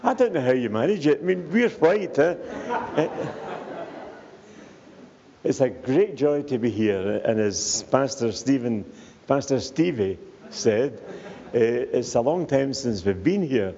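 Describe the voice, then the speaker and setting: A man's voice: mid-range voice, expressive, unhurried, gravelly, long pauses, mellow. An older man, a visiting evangelist, greeting a church congregation with jokes and tagging his remarks with "eh?". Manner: jokey, tags remarks with "eh?". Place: church hall. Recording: echoey hall, muffled sound, faint background noise.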